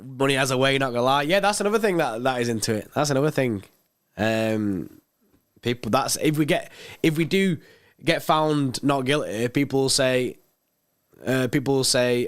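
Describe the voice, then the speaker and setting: A man's voice: medium pitch, expressive, normal speed. A man hosting a fan channel's livestream in casual chat, laid-back and chatty, reading out viewer comments.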